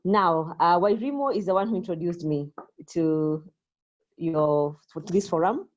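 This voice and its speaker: A woman introducing herself on a video call, speaking slowly with some hesitation. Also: lowish voice, dull audio. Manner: slow, hesitant. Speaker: teacher and entrepreneur.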